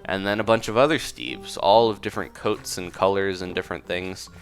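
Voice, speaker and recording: A man's voice: sits low, steady tone, brisk. A man casually improvising a story over gameplay, rambling with fillers and side comments. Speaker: gaming video creator. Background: faint music.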